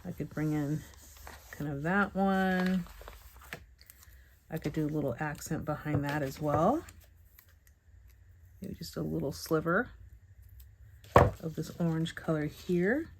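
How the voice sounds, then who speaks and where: Woman with a low voice doing a chill bible journaling tutorial, lots of hmms and pauses. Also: a little hiss or hum. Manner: soft, chatty, thinking aloud with hums and pauses. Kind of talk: relaxed craft tutorial narration.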